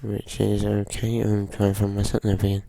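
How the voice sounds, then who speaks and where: A man with a groggy voice from a cold, giving slow, hesitant casual commentary while playing a driving game. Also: fairly low pitch, monotone, gravelly, warm tone. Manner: slow, hesitant, with frequent fillers. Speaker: gaming channel host.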